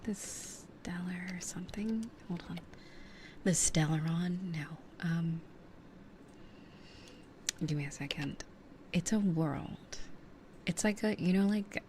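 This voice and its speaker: Soft-whispering young woman streamer. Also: lowish voice, a little hiss or hum. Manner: soft whispering, rambling with many fillers. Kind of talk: whispered casual chat. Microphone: close binaural ASMR mic.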